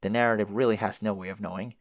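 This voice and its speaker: A man's voice: lowish voice, fairly even intonation, quick pace, dry recording, studio quality. A man reading a webcomic aloud with casual, wry commentary and the odd swear word. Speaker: webcomic reader.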